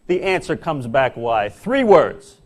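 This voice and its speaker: A middle-aged man gives a comic speech to a large employee audience, telling stories with animated, self-mocking delivery and dramatic pauses. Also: mid-range voice. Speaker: corporate speaker at an employee seminar. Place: large hall before an audience.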